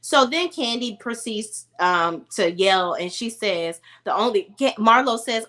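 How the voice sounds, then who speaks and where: A woman's voice: on the high side, normal speed, hardly any pauses, fairly bright tone. A woman giving opinionated, casual commentary as she recaps a reality TV episode. She talks bluntly and with exasperation, in a slangy storytelling style.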